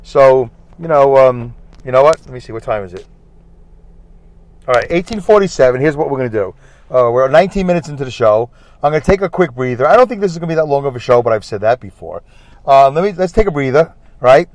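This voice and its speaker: A man's voice: medium pitch, lively intonation, fast, darkish tone, dry recording. A man with a Brooklyn accent hosting a rambling solo podcast, chatty, repetitive and self-deprecating. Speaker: podcast host. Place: in a parked car.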